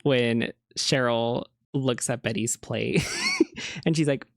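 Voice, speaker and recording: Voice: medium pitch, steady tone, slow pace, no room sound, clean studio sound. A podcast co-host in casual chat who laughs often and quotes lines with playful emphasis.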